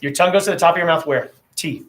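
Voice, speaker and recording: A man's voice: on the high side, racing, fairly bright tone. A man teaching an English class, sounding out letters aloud and quizzing his students as he goes. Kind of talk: classroom lecture. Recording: roomy classroom echo.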